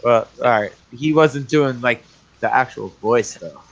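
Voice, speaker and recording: A man's voice: medium pitch, a little slow, gravelly, rough recording. A man in a casual online group chat, telling crude stories with a joking manner. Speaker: panelist.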